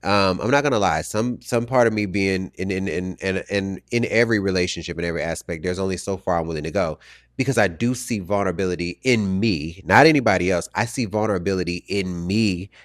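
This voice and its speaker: Low-voiced man telling a personal story. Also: no room sound, clean studio sound. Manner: reflective, halting with restarts and fillers. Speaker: podcast host.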